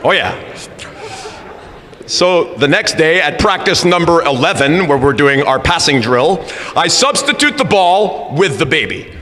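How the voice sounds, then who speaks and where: A man coaching rugby, telling a funny story in a lively way at a school assembly. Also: a little high, unhurried. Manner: humorous, animated storyteller. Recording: reverberant hall with faint background noise.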